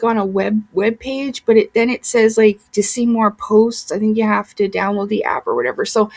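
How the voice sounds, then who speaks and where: A woman's voice: on the high side, low-quality recording. A woman vlogger talking straight to her viewers in a heated, rambling, profane monologue. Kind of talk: casual ranting monologue.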